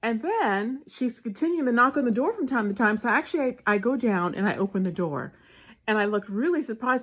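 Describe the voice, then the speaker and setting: Lady w a high-ish voice telling a story about her kid, acts out the lines, kinda muffled lo-fi audio. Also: fairly quick. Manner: animated retelling with voiced dialogue. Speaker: parenting vlogger. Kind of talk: casual storytelling with parenting advice. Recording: dull lo-fi sound.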